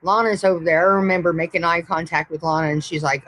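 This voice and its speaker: Woman streamer, casual rambling storyteller, swears freely, low hum of room behind her. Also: steady tone, fast, a bit bright, poor audio. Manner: profane, rambling, blunt. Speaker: livestream host.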